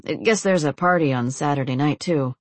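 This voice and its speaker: A woman voicing a relaxed, teasing young man in a storybook reading, her voice dropped slightly lower. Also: a little fast, dry recording. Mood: easygoing.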